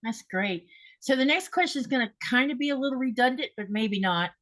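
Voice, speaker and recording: A middle-aged woman hosting a podcast, asking interview questions in a relaxed, conversational way. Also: sits high, a little fast. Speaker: podcast host.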